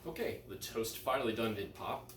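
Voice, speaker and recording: A man's voice: on the low side, moderate pace, a bit bright, slight background noise. A man chatting casually through a home cooking experiment, laid-back and self-deprecating, with plenty of ums and uhs. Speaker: cooking vlogger. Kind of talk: casual vlog chat. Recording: echoey room, mic some distance away.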